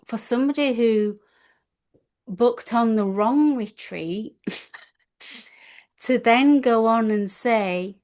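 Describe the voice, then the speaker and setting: A woman's voice: a little high, very slow, pauses often, darkish tone. A woman attending a retreat and sharing her experience in an interview, speaking in a heartfelt, gushing way with many restarts. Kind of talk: reflective interview answers.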